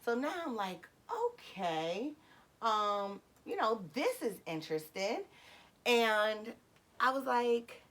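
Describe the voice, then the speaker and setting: Bright-voiced woman telling a story. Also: slow pace. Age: adult with a son. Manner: animated, acts out dialogue with sudden high excited bursts; frequent fillers and self-corrections. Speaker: vlogger telling a personal story. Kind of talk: casual storytelling.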